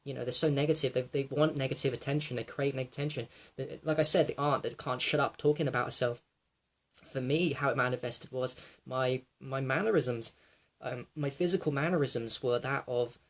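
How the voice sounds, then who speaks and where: A young man in a raw personal monologue, reflective and halting, with many fillers and restarts, sometimes close to tears. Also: medium pitch, fairly even intonation. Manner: emotional, close to tears at times. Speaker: wellness vlogger.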